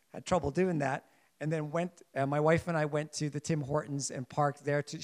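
Earnestly delivering a sermon, a man with a slightly high voice keeps restarting his sentences as he hunts for the right words. His delivery swings between emphatic rises and quiet stretches.

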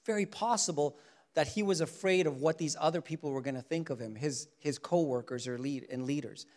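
A man with a somewhat high voice teaches from scripture in an animated sermon. He keeps it conversational and often acts out the people he quotes. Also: fairly quick. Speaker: preacher.

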